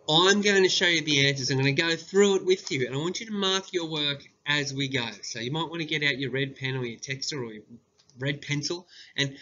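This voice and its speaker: A man, a primary school teacher giving a slow, deliberate dictation lesson and calling out the punctuation. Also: fairly high pitch, pushed and bright. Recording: dull lo-fi recording.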